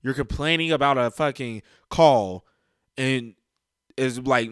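A man's voice: mid-range voice, slow, fairly bright tone, smooth, dry recording, studio quality. A man in a heated, casual rant about a game, profane and emphatic, with frequent fillers. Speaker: sports fan commentator.

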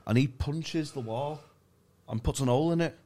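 A man's voice: a little high, moderate pace, mellow. A male stand-up comedian, swearing freely as he tells a story in casual podcast chat.

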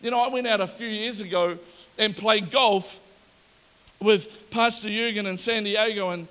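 A male pastor preaching a sermon in a lively storytelling manner and acting out the people in the story. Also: sits high, moderate pace, clean tone, in a large hall. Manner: animated, storytelling, acts out the characters.

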